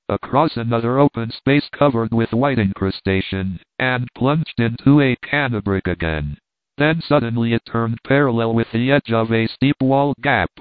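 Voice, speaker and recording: A man reading an adventure novel aloud as a measured storybook narration. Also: mid-range voice, no echo. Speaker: audiobook reader. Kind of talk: scripted narration. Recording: dry, tinny phone-like sound.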